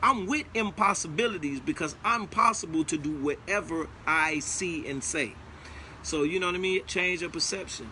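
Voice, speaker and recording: A man's voice: a little high, moderate pace, pushed and bright, slight background noise. A man giving a casual motivational talk, preachy and emphatic, repeating his key lines. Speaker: motivational speaker.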